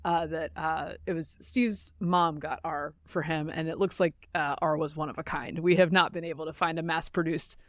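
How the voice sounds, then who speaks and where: Woman in her 40s, podcast host, lively storyteller with frequent laughs, dry close mic. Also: sits low, moderate pace, hardly any pauses, no room sound. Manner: animated storytelling, laughs often. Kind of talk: casual chat.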